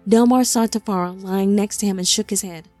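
A woman narrating an audiobook in a measured, somber storytelling manner on a close mic. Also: mid-range voice, steady tone, a little mellow, no room sound, soft background music.

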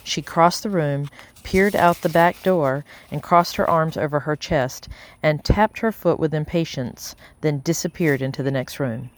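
A woman reading a novel aloud as an audiobook narrator, measured and steady, lightly voicing the characters. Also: sits low. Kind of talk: scripted narration.

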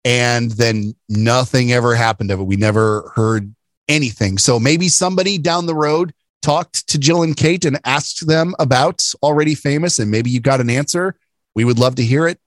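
A man's voice: mid-range voice, normal speed, dry recording. A man co-hosting a casual podcast chat, talking in a chatty, jokey way with plenty of laughter. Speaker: podcast co-host.

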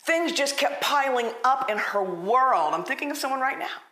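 Woman, preacher, higher voice, emphatic conversational sermon, repeats herself, echoey room. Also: moderate pace. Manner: animated, emphatic, repeats phrases. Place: church.

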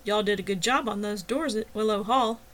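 A woman's voice: mid-range voice, a little fast, fairly bright tone, natural voice. Woman doing a chatty boss guy, friendly and hearty. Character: friendly male work supervisor.

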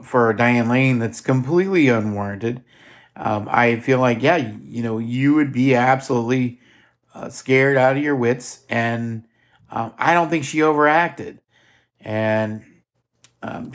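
Rambling Midwestern American man. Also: mid-range voice. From Midwestern United States. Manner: rambling and digressive, with many fillers and restarts. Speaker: podcast host. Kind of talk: casual podcast chat about a film.

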